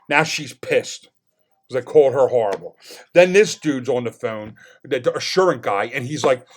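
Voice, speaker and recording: A man recounting a maddening run-in with customer service in a loose, conversational rant. He drops to quiet muttering, then climbs into loud, exasperated bursts, cursing freely along the way. His voice sits at an ordinary middle pitch for a man. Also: normal speed. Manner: animated, swings from low mutters to loud outbursts, swears freely. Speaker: vlogger telling a story. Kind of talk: casual storytelling rant.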